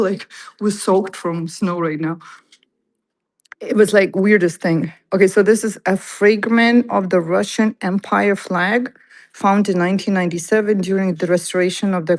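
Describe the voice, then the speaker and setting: A woman's voice: on the low side, steady tone, normal speed, low-quality recording. Breathless woman touring a museum fort. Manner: chatty, reads exhibit labels aloud to viewers. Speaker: livestream host. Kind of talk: casual livestream museum tour.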